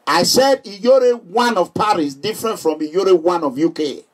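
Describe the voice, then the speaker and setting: Here a middle-aged Nigerian vlogger talks at a measured pace in a high-pitched voice. Lively and joking, he laughs frequently as he chats casually with viewers, his voice picked up from far off the mic.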